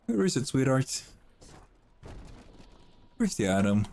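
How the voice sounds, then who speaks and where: A man's voice: medium pitch, sing-song, takes it slowly, gravelly, a little mellow. A young man casually commenting on a video game as he plays, swearing freely and chattering playfully to his chat and the characters on screen. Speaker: streamer.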